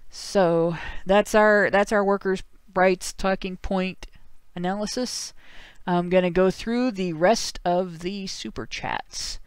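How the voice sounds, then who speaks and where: A man's voice: high-pitched, steady tone, takes it slowly, clean tone, no echo, clean studio sound. A man with a Northern Ohio accent hosting a livestream talk show, reading out viewer donations with sardonic, chuckling asides. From Ohio, USA.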